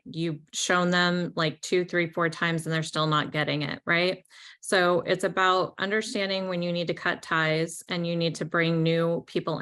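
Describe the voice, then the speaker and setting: A woman's voice: fairly low pitch, fairly bright tone. A woman consultant talking casually on a business podcast, chatty and full of fillers. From New York. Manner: chatty, many "like" and "right?" fillers.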